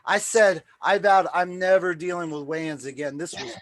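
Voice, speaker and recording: A man's voice: high-pitched, moderate pace. A man hosting a live stream, casually telling a promoting story with plenty of swearing, acting out the voices of the people he quotes. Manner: excitable, swears freely, acts out quoted dialogue.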